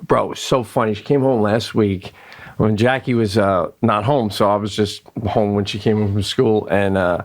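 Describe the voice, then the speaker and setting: Speaking at a moderate pace in a lowish voice, this middle-aged co-host chats casually on a podcast, livening up his stories by acting out quotes.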